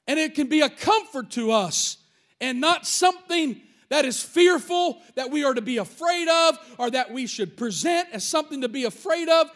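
A man's voice: extremely high pitch, lively intonation, moderate pace, fairly bright tone. A man preaching a sermon as pastor, emphatic and repeating words for stress.

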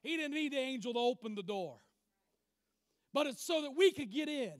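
Preaching with expressive energy at a normal speed, a man whose voice is strikingly high alternates loud, emphatic declarations with hushed asides. His sermon is captured close and dry, no room echo.

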